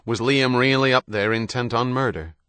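A man narrating a novel in a measured, even storytelling manner. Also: mid-range voice, clear, resonant tone, no room sound, studio quality. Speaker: audiobook narrator. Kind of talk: scripted narration.

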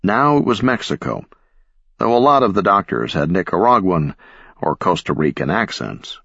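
A man narrating an audiobook in a measured, expressive storytelling manner. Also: low voice, gravelly, no echo, muffled recording. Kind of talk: scripted narration.

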